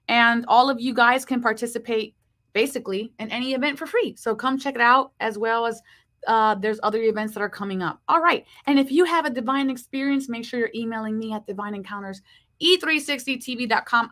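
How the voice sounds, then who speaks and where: A woman hosting a live horoscope stream, talking with a slight lisp from braces and greeting viewers by name. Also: a little high. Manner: slow hushed reading of card messages. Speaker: host.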